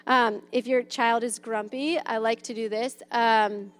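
A woman's voice: fairly high pitch, steady tone, a little slow, clear, resonant tone. A woman in her thirties chatting casually about parenting and play, full of fillers and acted-out kid voices. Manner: chatty, lots of "um" and "like", acts out kids' voices. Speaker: mother sharing parenting tips. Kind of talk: casual advice talk.

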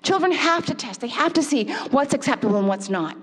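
A woman giving an animated lecture to a live audience and asking them questions. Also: high-pitched, fairly quick, in a large hall. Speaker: parenting workshop speaker.

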